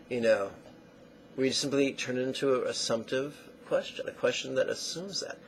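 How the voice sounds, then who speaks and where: A man teaching a guided meditation lesson in slow, deliberate phrases that trail off into soft near-whispers. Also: mid-range voice, a little hiss or hum, rough recording.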